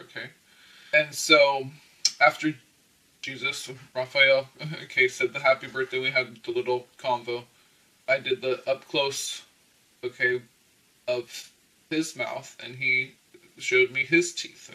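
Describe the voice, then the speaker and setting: A man's voice: mid-range voice, bright, forceful tone, recorded from a distance, low-quality recording. A man giving a casual, rambling tarot reading, often checking in with "okay?" and breaking into little laughs. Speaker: tarot reader.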